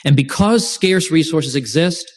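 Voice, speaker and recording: Animated male lecturer with joking asides. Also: on the high side, a little slow. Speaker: host and lecturer. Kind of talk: informal university-style lecture. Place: lecture room with a live class.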